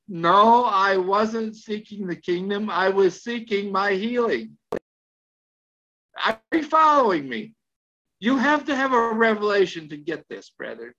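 Gravelly older man preaching a sermon. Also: high voice, animated, measured pace, sharp tone. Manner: storytelling, repeats phrases, asks the room questions. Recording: slightly dull lo-fi recording.

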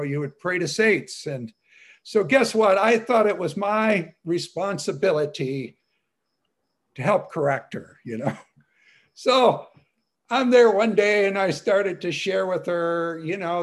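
A man sharing a rambling personal testimony with fellow believers, chatty and full of "you know" fillers with frequent chuckles. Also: a little high.

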